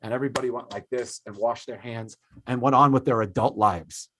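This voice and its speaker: A man in his thirties hosting a podcast, telling a story in an animated, profane way, swinging between loud and quiet. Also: mid-range voice, brisk, a little hiss or hum. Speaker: podcast host. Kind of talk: casual podcast chat.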